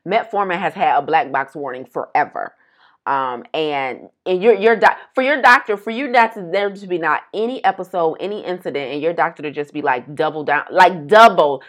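Woman, low voice, animated storyteller, casual podcast chat. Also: moderate pace. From Detroit. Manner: animated storytelling, acts out quotes. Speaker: podcast co-host.

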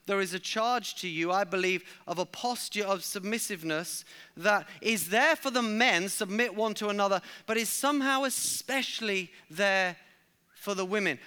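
Bright, clear-voiced male preacher. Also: high voice. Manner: emphatic, repeats key lines for stress. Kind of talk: sermon.

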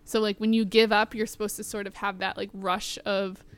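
Woman host chatting about lyrics, smooth clear voice, lots of "like". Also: mid-range voice, flat delivery, moderate pace, no echo. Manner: chatty, many "like" fillers. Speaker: podcast host. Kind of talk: casual podcast chat about song lyrics.

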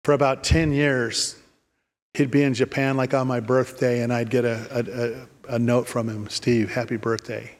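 A man in his fifties or older preaches a sermon from a church pulpit. He tells a personal story and often restarts and repeats words. His mid-pitched voice rings out with a long reverb through the sanctuary. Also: flat delivery, normal speed. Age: 50s or older. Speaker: pastor.

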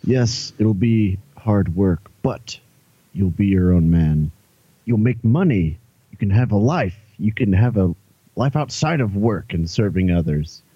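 A man's voice: on the low side, lively intonation, a little slow, mellow, breathy edge, dry recording, muffled recording. A man playing his character in a tabletop game, talking earnestly and persuasively with some hesitation. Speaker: player. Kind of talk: in-character tabletop role-play.

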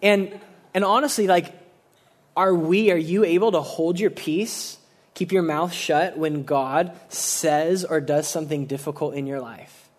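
A young male pastor, his voice a little high and a little slow, preaches a sermon in a relaxed, conversational style. He says "like" often and acts out the people he quotes.

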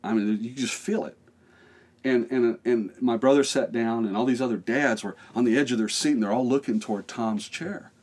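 In a podcast interview, a middle-aged male pastor from the US tells an animated story, voicing the people in it and frequently breaking into laughter. His voice is medium-pitched and husky, and he speaks a little fast.

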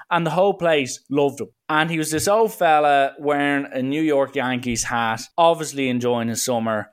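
A man's voice: medium pitch, moderate pace. A man, hosting a solo podcast and telling a story in a chatty, rambling way. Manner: rambling and chatty, with fillers and slang. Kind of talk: casual storytelling monologue.

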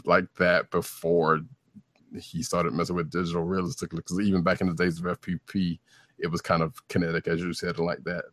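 A man's voice: deep voice, level tone, brisk, fairly bright tone, no echo. A man co-hosting a comic book podcast, talking casually in a rambling, hesitant way. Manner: rambling, hesitant, full of fillers. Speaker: podcast co-host. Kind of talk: casual chat.

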